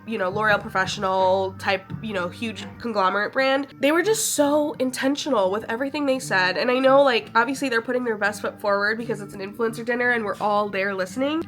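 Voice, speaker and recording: Young woman vlogger, chatty and sentimental, bright and slightly high voice. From Chicago, USA. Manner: chatty, sentimental, filler-heavy. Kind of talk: casual vlog chat.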